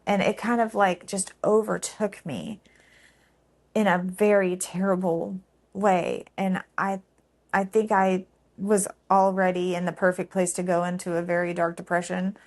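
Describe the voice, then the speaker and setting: A woman's voice: on the low side, flat delivery. Woman telling a painful memory. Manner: emotional, halting, many fillers. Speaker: storyteller. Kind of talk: personal storytelling.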